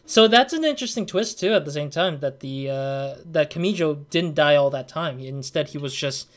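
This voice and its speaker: A man's voice: a little high, lively intonation, normal speed. A young man casually commenting on a game he is playing, thinking aloud in a rambling way and leaning on fillers. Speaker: let's play gamer.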